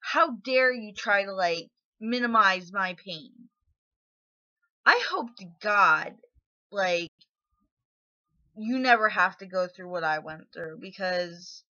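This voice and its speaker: Woman, angry emotional vlog rant, near tears, lots of fillers, slow-paced, muffled lo-fi audio. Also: medium pitch, animated, bright, forceful tone. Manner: angry, indignant, filler-heavy ("like", "you know"). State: shaking with anger, near tears. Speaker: vlogger. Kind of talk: emotional personal rant to camera.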